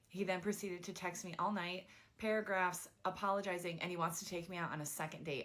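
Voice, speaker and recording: A young woman casually telling a dating story, chatty and animated, with lots of "like" fillers. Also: on the low side, fairly quick, few pauses.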